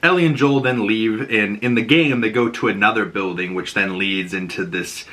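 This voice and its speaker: Young Boston guy, bright and forceful, chatty TV recapper who leans on "you know.". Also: on the low side, moderate pace. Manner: animated, lots of "you know". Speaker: TV recap host. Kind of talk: casual recap.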